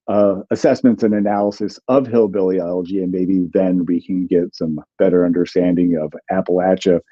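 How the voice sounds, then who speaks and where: The sound is lo-fi, and the man's voice is on the low side. He's a language scholar and guest author on a livestream, answering viewers' questions in an explanatory way full of ums and restarts.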